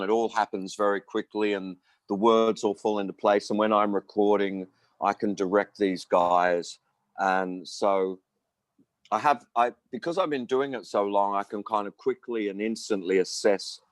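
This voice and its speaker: Rambling older man, low dry voice. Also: no room sound. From Australia. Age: 60s. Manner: rambling storyteller, acts out quoted voices. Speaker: musician guest. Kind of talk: casual interview chat.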